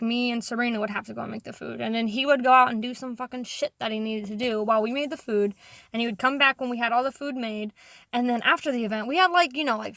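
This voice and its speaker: A young woman tells a long rambling story in a casual vlog, her voice sitting a bit high. She swears a lot, leans on "like" fillers, and acts out other people's lines in louder, animated voices. The sound is dry and close. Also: no echo. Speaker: vlogger.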